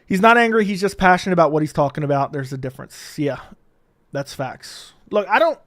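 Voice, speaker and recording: A man hosting a casual livestream, telling stories in a profane, animated way into a studio mic. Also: fairly high pitch, fairly quick. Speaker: livestream host.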